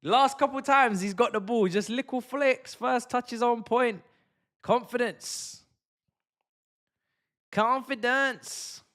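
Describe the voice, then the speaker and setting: Bright-voiced young man ranting over football. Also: very high voice, measured pace, few pauses. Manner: animated, slangy banter with chat. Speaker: watch-along streamer. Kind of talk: live football watch-along commentary.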